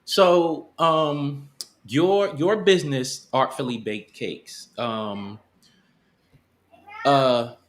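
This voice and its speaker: A podcast host asking questions at an unhurried, halting pace, with many fillers and encouraging murmurs. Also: mid-range voice. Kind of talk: interview questions, casual.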